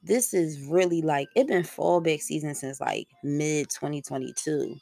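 A woman's voice: low-pitched, a little slow, creaky, dark tone, dry recording, faint music behind. A young woman hosting her own podcast solo, talking in a casual, slangy, rambling way and swearing freely. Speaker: podcast host.

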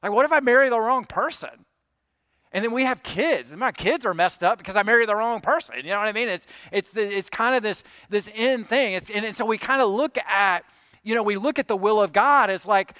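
A pastor preaching a conversational sermon to a congregation, earnest and explaining through questions. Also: male voice, high voice, pushed and bright, dry recording, clean studio sound.

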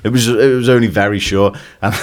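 A man's voice: mid-range voice, unhurried. A man co-hosting a podcast, telling a dream story in casual chat and laughing through it. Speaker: podcast co-host.

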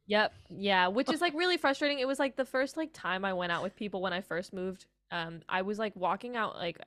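A woman's voice: medium pitch, fairly quick, a bit bright, no room sound. A young American woman from Colorado, a music student, chatting as an interview guest, rambling with lots of "like" and acting out quoted voices. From Colorado, United States. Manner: rambling, heavy "like" fillers, acts out quoted voices. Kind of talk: casual chat.

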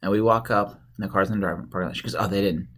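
A man's voice: lowish voice, steady tone, racing, a bit bright. A man in his thirties hosting a casual chat, telling rambling stories and laughing often.

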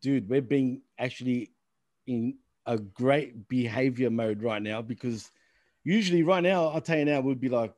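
Man, podcast co-host, mid-pitched, dry close mic, chummy and casual. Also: normal speed, a little mellow, no echo. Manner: friendly, chummy, says "dude" and "man". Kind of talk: casual wrestling podcast chat.

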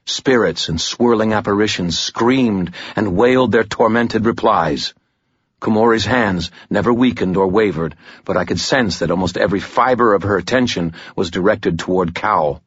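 A male narrator reads a first-person fantasy story in a deep, husky voice. His telling is tense and measured. The recording is dry and dull, with a lo-fi sound. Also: no room sound. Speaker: audiobook narrator.

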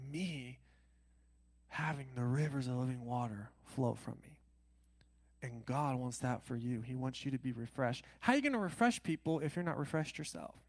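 A man preaching a sermon, emphatic, repeating phrases and swinging from loud declarations to near-whispers. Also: medium pitch, moderate pace, long pauses, no room sound. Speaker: pastor.

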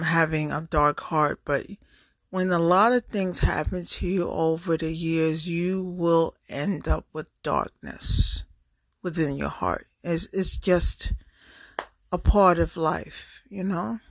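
A woman's voice: fairly low pitch, takes it slowly, no room sound, studio quality. A middle-aged woman venting candidly to the camera, frank and exasperated, hammering points home with repetition.

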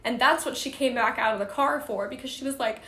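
A young woman casually telling a story, animated and full of fillers, acting out quoted dialogue. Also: a little high, fairly quick. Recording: roomy echo with faint background noise.

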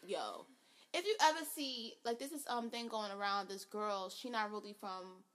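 A woman's voice: mid-range voice, moderate pace, a bit bright. A woman co-hosting a podcast, giving blunt, opinionated, emphatic reactions in casual chat. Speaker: podcast co-host.

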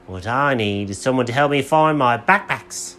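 A man's voice: medium pitch, moderate pace, fairly bright tone, slight background noise, natural voice. A man voicing an earnest, slightly exasperated man searching for lost backpacks in a bedtime story. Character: flustered man who lost his backpacks.

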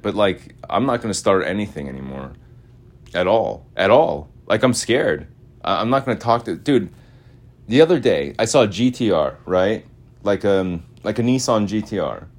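A man hosting a podcast in a casual, meandering monologue, slangy and full of filler words. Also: lowish voice. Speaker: podcast host.

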